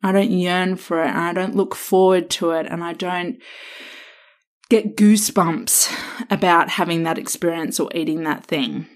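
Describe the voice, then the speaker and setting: A woman hosting a self-help podcast, talking straight to the listener in an emphatic, coaching way with drawn-out stresses. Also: on the low side, steady tone. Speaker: podcast host and counsellor.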